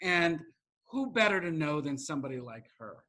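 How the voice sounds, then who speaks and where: A middle-aged man with a New York accent, telling a heartfelt story as an interview guest, emotional and animated, acting out the people he quotes. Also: a little high, moderate pace.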